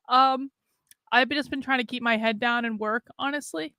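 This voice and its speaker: Woman host, candid livestream chat, higher-pitched, crisp. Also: normal speed, dry recording, studio quality. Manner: candid, sad but steady, talks in restarts and repeats.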